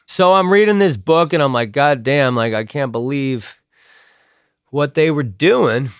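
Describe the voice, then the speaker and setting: A man's voice: fairly high pitch, lively intonation, measured pace, clear, resonant tone, dry recording, studio quality. A man in his late thirties from New Jersey, a songwriter and band frontman, talking casually in an interview about making an album. He rambles with lots of fillers and makes sardonic asides.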